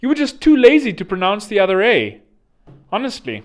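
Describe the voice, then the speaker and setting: High-pitched with huge pitch swings, his fairly quick speech carries a South African accent. The online commentator, from South Africa, rambles digressively, self-corrects, and peppers his talk with sarcastic jabs.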